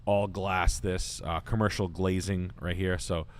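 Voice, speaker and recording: A man's voice: deep voice, level tone, a little slow, slight background noise. A man from the area, hosting a casual show and talking in a crude, rambling way full of fillers. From Boston area, United States. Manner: profane, blunt, rambling with many fillers. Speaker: podcast host.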